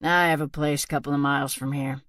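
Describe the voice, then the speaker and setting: A woman voicing a blunt, wary rural male hunter in a whispered role-play storybook reading, quiet and firm. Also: low voice, fairly even intonation, fairly quick, no room sound, clean studio sound, voice pushed down. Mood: concerned.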